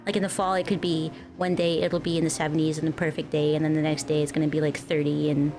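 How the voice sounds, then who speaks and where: A woman's voice: low-pitched, little pitch movement, fast, background noise. A young woman from the northern United States, chatting casually with her stream viewers in a rambling, giggly way. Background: faint music.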